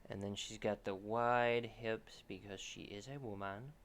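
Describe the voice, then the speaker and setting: A man's voice: on the low side, steady tone, unhurried, fairly bright tone. A young man streaming himself drawing, chatting casually and thinking aloud with lots of restarts. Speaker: artist streaming a drawing session. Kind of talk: casual commentary while drawing.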